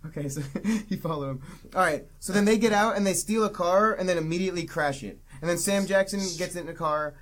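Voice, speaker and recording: A man's voice: sits high, a little fast, few pauses. A young man co-hosting a movie podcast, retelling scenes in a casual, swearing, mocking way. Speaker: podcast co-host. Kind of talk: casual movie review chat.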